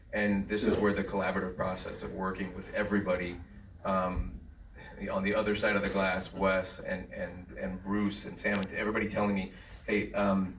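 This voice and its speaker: A man's voice: deep voice, fairly bright tone, slight background noise. A man on a convention panel answering a fan question in a rambling, joking way with many fillers. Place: large convention hall. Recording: echoey hall from far off.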